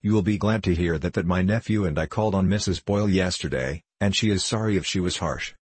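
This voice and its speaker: A fretful, kindly old aunt frets and pleads in a low, husky voice, as a man reads her lines. She speaks gently and anxiously, an audiobook figure. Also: quick pace, no room sound. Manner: anxious, pleading, soft-hearted. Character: nervous, kindly old aunt, a wealthy lady. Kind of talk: audiobook character voicing.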